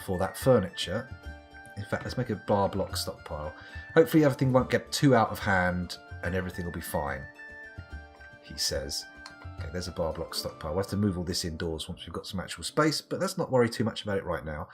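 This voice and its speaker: A British man giving rambling, self-mocking live commentary while playing a game at home, with dry asides. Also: lowish voice. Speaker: let's play streamer.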